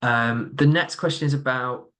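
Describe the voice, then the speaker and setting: A man leading an online training session for teachers, relaxed and conversational, answering their questions with frequent ums and restarts. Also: mid-range voice, normal speed. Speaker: subject advisor leading a teacher training webinar.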